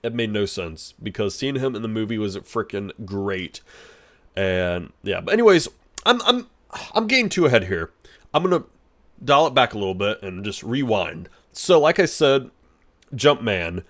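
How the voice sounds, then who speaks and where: A man giving an excitable, rambling movie review, full of restarts and fillers. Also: on the low side, normal speed. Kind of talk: casual spoken review.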